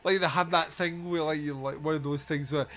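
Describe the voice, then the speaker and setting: Sweary sarcastic podcast host. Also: male voice, a little high, a little fast. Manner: sarcastic, sweary, animated storytelling. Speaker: podcast host reviewing a film. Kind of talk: casual comedic film review chat.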